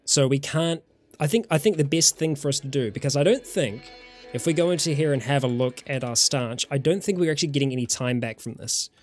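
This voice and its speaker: A man's voice: mid-range voice, fairly quick, faint music behind. A man from New Zealand with a New Zealand accent, casually commenting on a survival game during a live stream and chatting with viewers.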